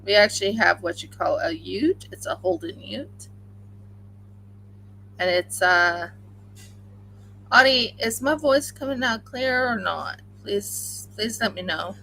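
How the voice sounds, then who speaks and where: A woman's voice: fairly high pitch, big pitch swings, takes it slowly, creaky, long pauses, pushed and bright, slight background noise, rough recording. A woman hosting a crafting livestream, chatting casually and rambling with many fillers while she crochets at home.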